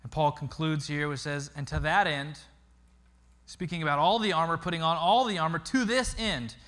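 A man preaching a sermon as pastor, animated, telling stories and often repeating words as he goes. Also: on the high side, brisk.

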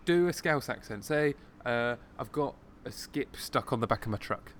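A man's voice: mid-range voice, expressive, normal speed, a little hiss or hum. A man, from Peterborough, co-hosting a podcast in casual comedic chat and teasing his partner. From Peterborough, England. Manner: joking, teasing banter. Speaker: podcast co-host.

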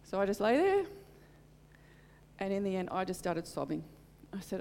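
A middle-aged woman gives an earnest, heartfelt testimony and sermon. Her voice carries a gravelly fry. It rings out with a long hall reverb over a faint hum. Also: medium pitch, very animated, normal speed, darkish tone. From Australia. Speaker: church speaker.

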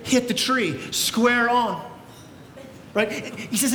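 High-voiced animated preacher in an echoey hall. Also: male voice, a little slow. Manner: animated storytelling, acts out voices with shouts. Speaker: pastor. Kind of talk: sermon. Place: church sanctuary. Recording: echoey church hall with faint rumble.

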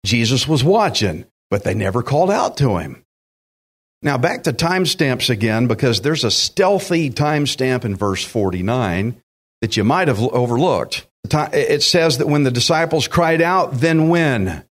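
A man's voice: medium pitch, lively intonation, normal speed, slightly rough. A man preaching a sermon, emphatic and direct, acting out quotes and speaking to listeners as friends. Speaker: pastor.

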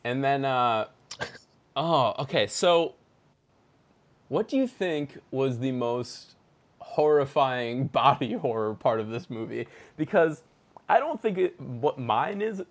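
A man chatting casually, animated, laughing often and using lots of fillers. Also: mid-range voice, takes it slowly. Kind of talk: casual chat.

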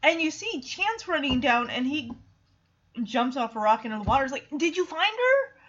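A woman's voice: high voice, moderate pace, a bit bright, highs cut off. A woman in casual chat retelling a film, chatty and emotional with many fillers.

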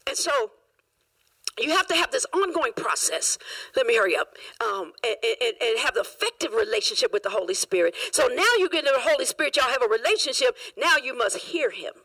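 A woman's voice: fairly high pitch, sing-song, fairly quick, husky, distant mic, poor audio. A woman pastor preaching a sermon in a church, emphatic and repetitive. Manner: emphatic, repetitive, rising to shouts.

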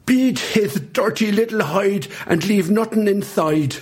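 A man's voice: on the high side, expressive, a little slow, voice pushed up. A man with an Irish accent voicing a bossy, stern young girl dinosaur who scolds her little brother. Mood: roaring. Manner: scolding, sharp.

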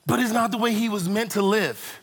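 A man preaching a sermon who tells a story in an animated way and speaks directly to the congregation. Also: high voice, fairly quick, husky. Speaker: pastor.

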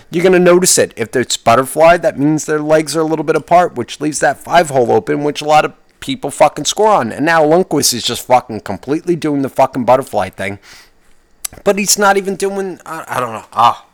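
A man with a gravelly, fry-heavy voice rants through a solo podcast. He swears constantly, trips over his own restarts, and sounds fed up. The sound is dry and close, with no room echo. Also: a little high. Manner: profane, rambling, restarts often; complaining, exasperated. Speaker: podcast host.

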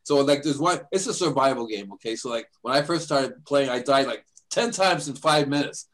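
A man's voice: medium pitch, moderate pace, fairly bright tone, rough recording. An older man hosting a radio show, chatting casually and rambling through stories. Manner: rambling storyteller, acts out voices in his anecdotes. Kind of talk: casual chat.

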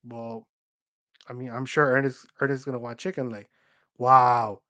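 A young man co-hosts a podcast, telling rambling stories crammed with "like" and acting out what other people said. His mid-range voice is a bit bright, a little fast, and flat in delivery.

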